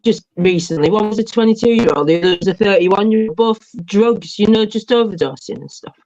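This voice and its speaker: Higher-voiced middle-aged man, lo-fi. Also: brisk, a little mellow. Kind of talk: casual chat. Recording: dull lo-fi call audio.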